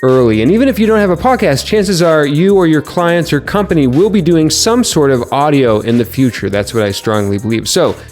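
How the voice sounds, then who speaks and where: A man's voice: fairly high pitch, expressive, fairly quick, hardly any pauses, a little mellow, faint music behind. A man hosting a marketing podcast, introducing his guest in an upbeat way and asking him questions. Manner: upbeat, playful announcer voice at times. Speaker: podcast host.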